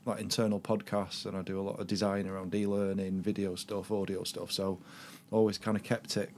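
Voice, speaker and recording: A man guesting on a podcast, speaking in a measured way with many fillers. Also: sits low, flat delivery, a little mellow, slight background noise. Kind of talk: casual chat.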